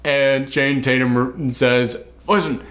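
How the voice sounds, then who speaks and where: Casual male film reviewer, tired, rambling, laughs at his own mistakes, mid pitch. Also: expressive, moderate pace. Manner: rambling, loopy, laughing at own mix-ups. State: sleep-deprived. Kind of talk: casual movie review chat.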